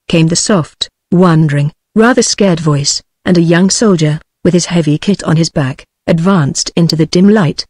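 A text-to-speech voice of a woman with a British English accent, reading a novel aloud in an even, measured way. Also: lowish voice, no echo, clean studio sound. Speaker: audiobook narrator.

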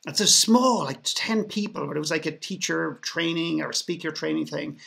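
Gravelly-voiced Irish man telling a story. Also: a little high, moderate pace, sharp tone. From Ireland. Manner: sarcastic, with frequent restarts. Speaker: podcast guest. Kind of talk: storytelling in a panel conversation.

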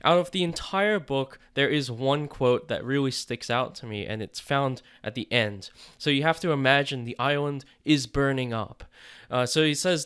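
A man's voice: medium pitch, normal speed, fairly bright tone, smooth. A man giving a casual, playful summary of a novel, full of mock-dramatic asides. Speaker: online book explainer. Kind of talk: casual comic book summary.

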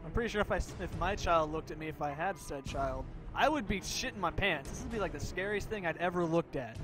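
A young man with a high voice rambles through a game run, making silly asides and arguing with the characters on screen. Background music plays clearly under his desk-mic commentary. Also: animated, a little fast. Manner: goofy, rambling, talks to the game. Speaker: gaming video host. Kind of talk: let's play commentary. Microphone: desk microphone.

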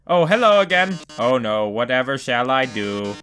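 A man's voice: mid-range voice, sing-song, normal speed, fairly bright tone, slight background noise. A man voicing a flamboyant male robot TV star with a dramatic, purring delivery, reading game dialogue aloud. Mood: theatrical.

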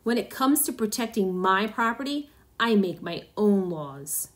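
A woman reading the part of a ruthless, vindictive businessman husband, speaking gruffly and smugly. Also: mid-range voice, lively intonation, a little slow, natural voice. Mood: cold, smug. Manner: gruff, smug, harsh.

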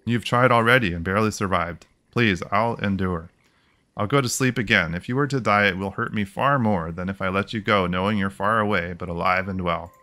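A man's voice: low voice, brisk, bright, forceful tone. A man voicing a tender young female dryad in a fantasy game, reading her lines earnestly and emotionally. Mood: pleading.

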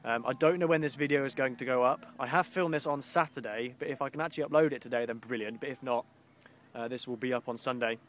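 A man's voice: mid-range voice, fast, fairly bright tone. A young man from the Midlands vlogging outdoors by the coast on a handheld camera, rambling and grumbling with sarcasm. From English Midlands. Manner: rambling, grumbling and sarcastic, with mock posh voices. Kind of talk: casual outdoor vlog.

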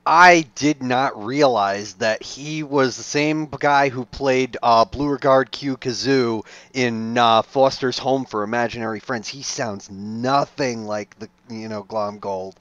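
A man's voice: medium pitch, slow pace, few pauses, a bit bright, no echo. A man co-hosting a casual fan discussion podcast, rambling with lots of "uh" and "you know". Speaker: podcast co-host. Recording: dull, dry lo-fi mic.

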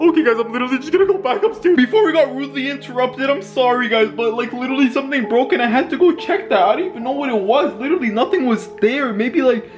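A young man giving excitable reaction commentary as a YouTuber, shouting, gasping and saying "yo" and "literally" constantly. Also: very high voice, quick pace, hardly any pauses, muffled recording. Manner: excitable, shouts and gasps, says "yo" and "literally" a lot. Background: music playing.

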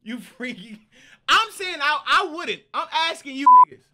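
A man streaming reaction clips in casual chat, loud and laughing, with bursts of shouting and swearing. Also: extremely high pitch, very animated, normal speed, heavy background noise.

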